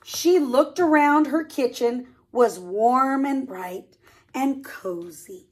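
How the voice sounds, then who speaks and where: A woman's voice: high-pitched, slow, breathy edge. A woman preschool teacher reading a picture book aloud to young children, stopping often to ask them questions. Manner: asks children questions, warm sing-song asides. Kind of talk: storybook read-aloud for children.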